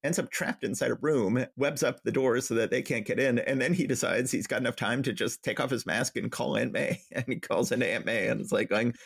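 A man's voice: medium pitch, brisk, gravelly, few pauses, slightly rough, dry recording, studio quality. A man co-hosting a podcast, casually recapping comic book plots and reading quoted dialogue in a light voice. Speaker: podcast co-host.

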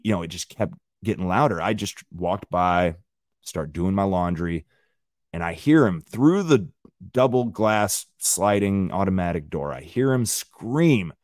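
A man's voice: sits low, darkish tone, no echo, studio quality. Profane, blunt male podcast ranter. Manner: conversational, addresses listeners directly. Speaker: podcast host. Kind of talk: solo ranting podcast monologue.

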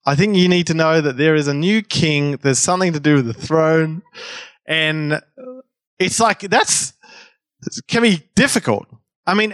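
Guy preaching a sermon, kinda high voice, dry close sound, chatty and loose. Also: a bit bright, dry recording. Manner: conversational with audience prompts and restarts.

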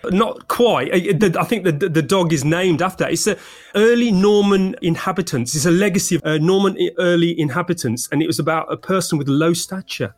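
A man's voice: high voice, fairly quick, soft background music. A man from London hosting a podcast interview, chatty and rambling with restarts and fillers. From London, England. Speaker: podcast host.

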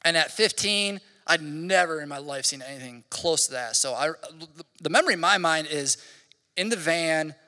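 A man's voice: a little high, expressive, normal speed, sharp tone. A man in his thirties giving a casual, conversational sermon as a pastor, rambling with lots of "like". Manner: casual, rambling, heavy use of "like". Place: church hall. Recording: long hall reverb.

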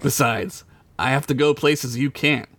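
A man reading the lines of a young woman wizard in a storybook tale, quiet and earnest. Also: mid-range voice, steady tone, measured pace, no echo.

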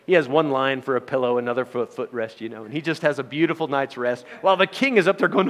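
A man's voice: medium pitch, fast talker, hardly any pauses, fairly bright tone. A man preaching a sermon in a folksy, joking manner, with frequent laughs.

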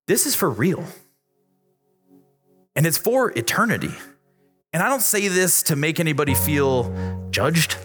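Male youth pastor, slightly high voice, punchy repeated lines, faint music behind, youth-room sermon. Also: normal speed, pauses often. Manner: emphatic, repetitive preaching that climbs in pitch when excited.

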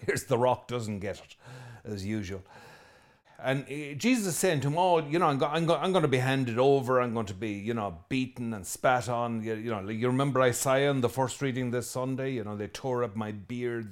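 Irish priest preaching a lively sermon. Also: male voice, mid-range voice. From Ireland. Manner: lively and conversational, with asides and jokes; emphatic, repeating key phrases.

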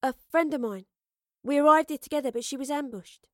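Lively young woman adventurer, bright, breezy, raised and keen, read by a woman narrator. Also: high voice, brisk, no echo, studio quality, voice pushed up. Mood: earnest. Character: spirited young woman time-traveller.

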